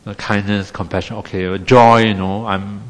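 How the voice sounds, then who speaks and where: A man's voice: fairly low pitch, level tone, normal speed, in a large hall. A man with a Singaporean English accent, teaching a meditation class in a wry, self-deprecating, chatty way full of tag questions.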